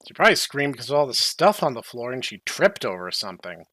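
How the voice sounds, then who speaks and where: A young man doing sarcastic, deadpan commentary while playing a horror game. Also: mid-range voice, quick pace, no room sound. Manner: deadpan, dry sarcastic asides. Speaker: game streamer. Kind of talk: sarcastic let's-play commentary.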